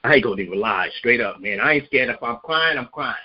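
A man's voice: medium pitch, expressive, quick pace, husky. A man co-hosting an online radio show, who talks in an earnest, emotional way and often stammers and repeats himself in casual chat. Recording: dull lo-fi online radio stream.

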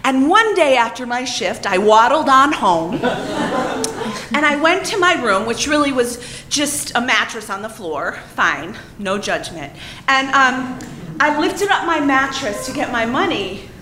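Woman, comic storyteller, high voice, swooping lively pitch, profane, laughs mid-sentence. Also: a little slow, a little hiss or hum. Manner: profane, animated, laughs as she talks.

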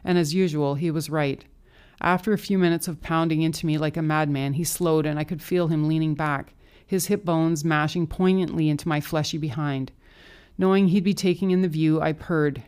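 A woman with a low, deep voice reads a first-person story in an audiobook. Her narration is calm, intimate and unhurried. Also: smooth.

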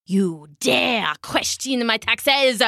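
A woman's voice: fairly high pitch, animated, very slow, gravelly, bright, forceful tone, no echo, studio quality, exaggerated voice. A woman voicing a greedy, raging male king in a storybook tale, shrieking and blustering. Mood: furious.

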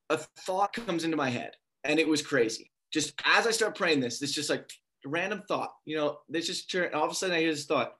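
Young man, preacher, slightly high voice, lively storytelling sermon. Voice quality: lively storyteller, acts out dialogue in his story.

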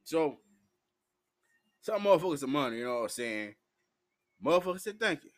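A drunk man with a high voice rambles through a profane, combative rant. His speech is loose and hiccuping as he vents straight at the camera. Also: very animated, brisk. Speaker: vlogger. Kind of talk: drunken ranting monologue.

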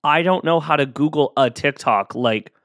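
On a solo podcast, a man talks close to the mic in a rambling, earnest, self-deprecating way, full of fillers. His voice is a little high and a bit bright, at normal speed, with no echo.

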